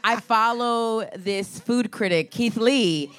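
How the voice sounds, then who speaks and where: A woman's voice: a little high, slow pace, a bit bright, no echo. A woman comedian as a guest, telling a story with wry, joking asides. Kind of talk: casual chat. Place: live show on stage.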